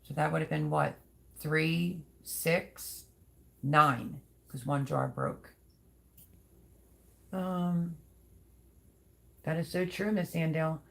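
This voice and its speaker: A woman's voice: low-pitched, slow, vocal fry, pauses often. A middle-aged woman hosting a casual livestream, chatting and reading out viewer comments in a rambling, talkative way. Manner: chatty, rambling, thinks aloud.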